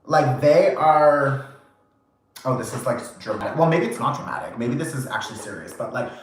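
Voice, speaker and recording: A man giving a channeled tarot reading, animated and casual, acting out quoted reactions, swearing now and then and laughing often. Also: medium pitch, moderate pace. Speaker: tarot reader. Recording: very echoey room.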